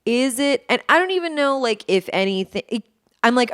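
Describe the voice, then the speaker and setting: A woman's voice: fairly high pitch, big pitch swings, moderate pace, no echo. A woman in her thirties chats casually as a podcast co-host. She rambles through her thoughts with plenty of fillers and false starts. Her voice is recorded dry and close, with no room sound. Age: 30s. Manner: rambling, many fillers and restarts. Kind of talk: casual chat.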